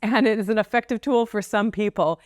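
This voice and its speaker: A woman counsellor giving casual advice straight to camera, playful, with joking asides and slower stresses on key points. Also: mid-range voice, dry recording, studio quality.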